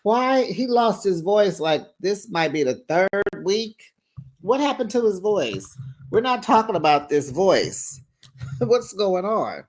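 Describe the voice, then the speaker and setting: Recap vlogger: sassy, teasing, animated, lively swings in pitch, talks straight to viewers. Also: takes it slowly. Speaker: reality TV recap host. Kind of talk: casual reality-show recap commentary.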